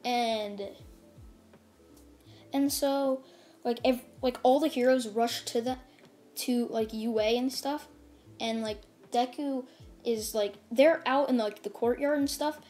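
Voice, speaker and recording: A woman's voice: on the high side, fairly even intonation, takes it slowly, long pauses, a little mellow. A woman casually narrating a fan story off the cuff, rambling and filling her talk with "like" and "and stuff". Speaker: channel host. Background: faint music.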